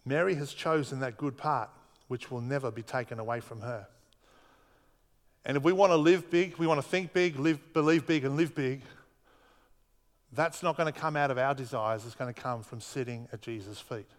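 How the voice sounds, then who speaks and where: A man's voice: mid-range voice, moderate pace. A man preaching a sermon as pastor, earnest, driving home points with repetition. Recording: long reverb of a hall.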